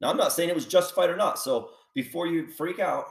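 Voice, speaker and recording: A man's voice: a little high, brisk, vocal fry, reverberant, far from the mic. A man hosting a podcast, delivering a heated political monologue full of repeated rhetorical questions. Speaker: podcast host.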